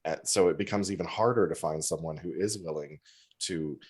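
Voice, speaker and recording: A man's voice: low voice, fairly quick, breathy edge. A man co-hosting a podcast, talking in a rambling, self-deprecating way and laughing easily. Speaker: podcast co-host. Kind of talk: casual podcast chat.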